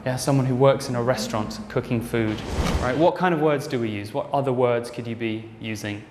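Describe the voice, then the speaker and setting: A man's voice: mid-range voice, brisk. A man teaching a demonstration English lesson, explaining words and checking in with the class as he goes. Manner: explanatory, checking in with "okay" and "right". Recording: echoey hall with faint noise.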